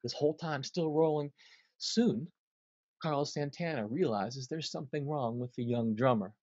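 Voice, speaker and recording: A man's voice: medium pitch, normal speed, no echo, dull audio. A man, a drummer, telling a story in an interview and acting out the quotes. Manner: animated storyteller, acts out quotes.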